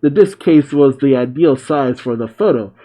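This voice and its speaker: A man voicing a shrill, panicky male mad scientist, reading a comic aloud. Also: expressive, normal speed, mellow, close to an everyday voice, rough recording. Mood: indignant.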